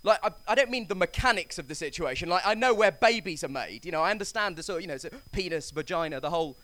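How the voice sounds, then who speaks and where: High, bright-voiced posh English comic. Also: male voice, expressive, quick pace, dry recording. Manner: rambling, self-correcting, nervous-jokey asides. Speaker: stand-up comedian. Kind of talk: stand-up comedy routine.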